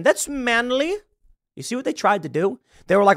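Animated sarcastic man ranting, dry sound. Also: extremely high pitch, normal speed, no echo. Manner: sarcastic, animated, mocks with put-on quotes. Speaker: host. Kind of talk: opinionated commentary monologue. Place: studio.

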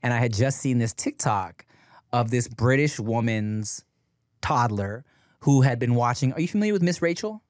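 A man's voice: mid-range voice, animated, normal speed, a little mellow, no echo, studio quality. A man in his thirties co-hosting a podcast in a casual, rambling chat, with lots of filler words. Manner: rambling, laughs and does voices. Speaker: podcast co-host.

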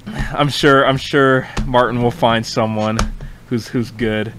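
A young man hosting a casual reaction video, excitable and rambling, swearing often with many restarts. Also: medium pitch, slow pace, slight background noise.

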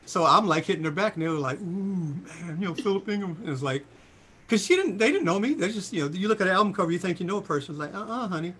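A man in his sixties, a singer, telling lively stories in a casual interview and jumping into high voices for quotes. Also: rapid-fire, breathy edge. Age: 60s. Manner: animated storyteller, jumps into high voices for quotes. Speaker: singer and guest.

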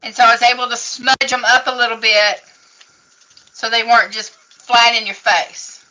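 Woman, craft instructor, piercingly bright tone, fairly high voice, chatty, encouraging, step-by-step, laptop mic. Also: fairly even intonation, moderate pace, poor audio. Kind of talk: casual painting lesson. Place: indoors at a craft table.

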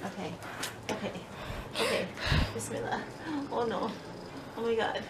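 A woman's voice: medium pitch, steady tone, measured pace. A woman vlogging at home, panicky and exclamatory, repeating herself while searching a storage room. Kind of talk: casual home vlog. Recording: noisy home video.

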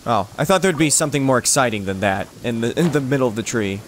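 A man's voice: mid-range voice, animated, fast, a little hiss or hum. A man hosting a gaming channel, giving playful, jokey let's-play commentary.

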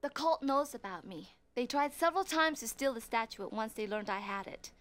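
Cold game crime boss lady, high bright voice swinging all over, bossy and clipped. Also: lively intonation, moderate pace. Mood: grave. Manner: imperious, clipped threats. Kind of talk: full-motion video game acting.

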